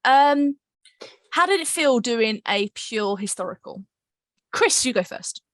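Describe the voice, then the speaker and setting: Giggly woman host, lively pitch. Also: slow pace, dry recording, studio quality. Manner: giggly, chatty. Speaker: podcast host and writer. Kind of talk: casual chat.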